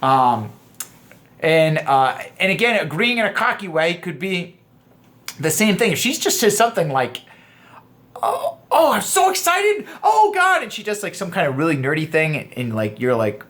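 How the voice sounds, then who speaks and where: Animated man in his thirties coaching. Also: fairly high pitch, moderate pace. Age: 30s. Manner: animated, acts out quoted lines in shifting voices. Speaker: dating coach. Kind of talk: casual video lesson.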